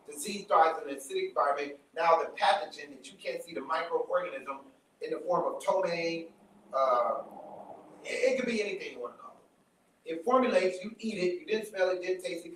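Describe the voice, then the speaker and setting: High-voiced man lecturing in an echoey hall. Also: a little fast, fairly bright tone, slight background noise. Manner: emphatic, repeats points, checks in with the crowd. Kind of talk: live lecture to a room audience. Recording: very echoey room, mic from far off.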